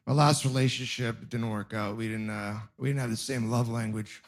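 A man's voice: medium pitch, steady tone, normal speed. A young man doing a stand-up comedy set, telling wry rambling stories and mocking himself. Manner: wry, rambling storytelling with self-mocking asides. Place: live comedy venue with audience laughter.

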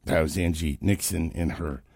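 A man's voice: very deep voice, fairly even intonation, normal speed, gravelly, a little mellow, breathy edge, no echo, clean studio sound. A man hosting a talk show, giving opinionated, mocking political commentary.

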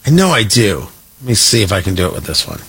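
A man riffs on the day's news as a talk-show host, sarcastic and mocking, often stopping to restart his thought. His husky voice sits high and swoops with a lively pitch. It has a bright, forceful edge. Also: fast. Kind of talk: opinionated talk-show commentary.

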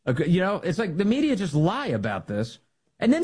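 A husky American man hosts a political talk show, scornful and emphatic. His voice leaps up high when he mocks someone. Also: wildly swooping pitch, brisk, a little mellow. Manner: mocking, scornful and emphatic, with sudden high jumps in pitch. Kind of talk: opinionated political commentary.

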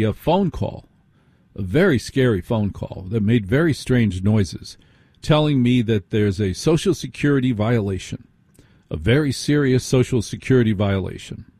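A late-night radio talk show host speaks conversationally from a radio studio, repeating phrases for emphasis and posing rhetorical questions to listeners. His voice is medium-pitched and warm. The sound is clean studio audio with no echo.

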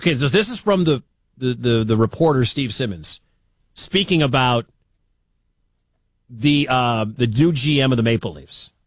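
A man from the American Midwest hosting a sports talk radio show, talking in an animated, incredulous way with quick asides. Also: medium pitch, no echo. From Midwestern United States.

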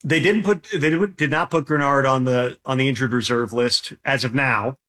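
Measured football reporter, man. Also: mid-range voice, pushed and bright. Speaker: NFL reporter guest. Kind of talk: remote interview analysis.

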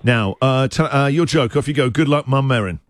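A man's voice: mid-range voice, brisk, no room sound. A man hosting a radio breakfast show, bantering with callers in an upbeat, teasing way and laughing easily.

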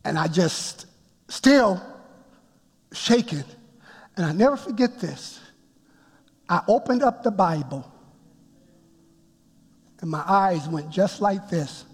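A man preaching a sermon, telling his story with emphatic build-ups that rise toward shouts. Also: high-pitched, expressive, slow, pauses often, husky. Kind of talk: sermon testimony. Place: church sanctuary before a congregation. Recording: long reverb of a large hall.

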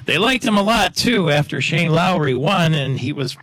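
A man's voice: fairly high pitch, lively intonation, moderate pace, a bit bright, no echo. A man hosting a talk show, chatting casually and joking about the clips he plays. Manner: chatty, joking, laughs at his own asides. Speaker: radio host.

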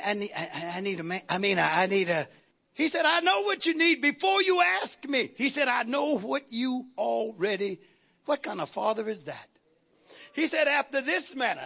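A woman preaching a sermon with emphatic call-and-response that builds into shouts, with playful asides and punchy repetition. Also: mid-range voice, creaky, slightly rough.

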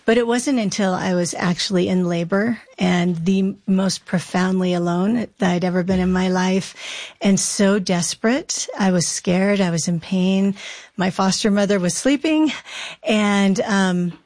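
A woman's voice: mid-range voice, steady tone, a little slow, darkish tone, dry recording. A woman guest in an interview, telling her faith story in an earnest, reflective way. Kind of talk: interview, personal testimony.

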